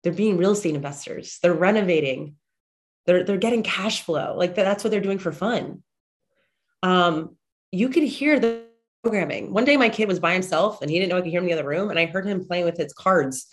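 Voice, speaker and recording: A lively woman in her thirties talks straight to her listeners, weaving chatty family stories into a motivational pep talk. She sounds a little stuffed up, and she speaks bluntly, even swearing now and then. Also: fairly low pitch, fairly quick. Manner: animated, chatty storyteller, blunt and profane at times. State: slightly congested. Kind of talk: motivational monologue with personal stories.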